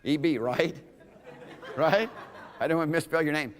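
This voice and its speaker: Some chatter can be heard behind a man with a fairly high voice who speaks at normal speed, with a big-room sound. He's an instructor lecturing on introductory Hebrew in a lecture room, casual in manner and often checking in with "okay?"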